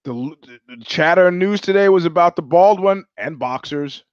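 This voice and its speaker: Here a show host with a high male voice and moderate pace spins sardonic, profane stories alone, doing impressions of the people in them. Sound quality is dry and somewhat dull, a lo-fi recording.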